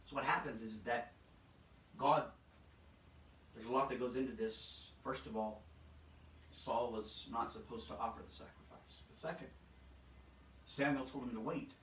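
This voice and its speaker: A man preaching a sermon, dramatic and repetitive, swinging between shouts and hushed, low passages. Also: normal speed, pauses often, slight background noise. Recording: echoey room, mic at a distance.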